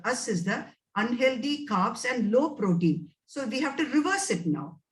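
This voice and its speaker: A woman's voice: on the high side, far from the mic, rough recording. A woman with an Indian English accent answering webinar questions as a nutrition scientist, emphatic and advising, repeating words for stress.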